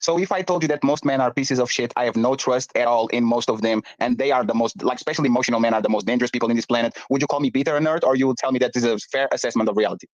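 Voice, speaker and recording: A man's voice: mid-range voice, very fast, few pauses, no room sound, poor audio. A man hosting a heated live-stream debate, arguing hard and pressing for examples. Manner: argumentative, keeps interrupting and pressing for examples. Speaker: stream host.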